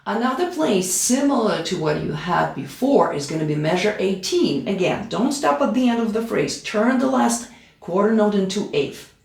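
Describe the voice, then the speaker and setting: A woman's voice: mid-range voice, very animated, moderate pace, creaky. A woman teaching piano in a play-along tutorial, giving patient step-by-step instructions. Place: room with a piano. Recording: roomy room with piano playing. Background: piano playing.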